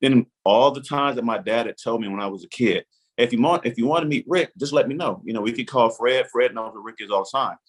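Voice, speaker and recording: A man's voice: mid-range voice, fast, husky. A man in his forties telling a long story as a podcast guest, acting out his own inner voice and the lines of others. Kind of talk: animated storytelling.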